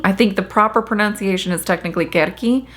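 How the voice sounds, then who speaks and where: A woman's voice: fairly low pitch, measured pace. A chatty woman vlogger explaining mythology in a casual way, often unsure of how to say names. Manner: chatty, unsure of name pronunciations. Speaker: witchcraft vlogger. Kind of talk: casual informative talk.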